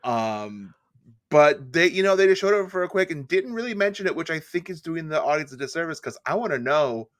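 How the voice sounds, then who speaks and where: Male podcast co-host, casual and deadpan, jokey riffs, dry close mic. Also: fairly high pitch, a little fast, no echo. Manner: jokey riffing, deadpan asides. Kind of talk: casual chat.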